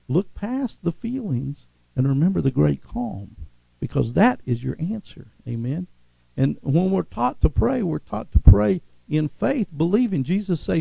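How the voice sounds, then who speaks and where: A man preaching, his voice sitting a little high with a gravelly rasp. He calls on the congregation for amens and moves between fervent, raised passages and soft, hushed ones. The sound is close and dry. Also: lively intonation, unhurried, dry recording, muffled recording. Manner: call-and-response preaching, rising to shouts then dropping low. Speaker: pastor. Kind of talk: sermon.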